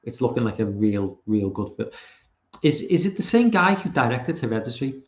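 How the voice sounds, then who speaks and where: A man's voice: mid-range voice, big pitch swings, normal speed, echoey room, dull audio. A man from Liverpool with a Liverpool accent, hosting a casual live commentary stream and rambling with plenty of swearing. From Liverpool, England.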